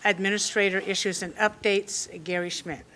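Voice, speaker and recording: A woman's voice: medium pitch, steady tone, moderate pace, pushed and bright, a little hiss or hum. A woman chairing a public meeting, calling it to order and asking for questions in short, formal procedural phrases.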